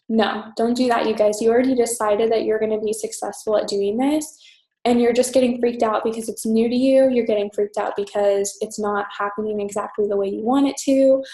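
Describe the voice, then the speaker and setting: A young woman team leader giving a fast, chatty, upbeat orientation talk full of "um" and "you guys". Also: a little high, fairly even intonation, warm tone. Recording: echoey room.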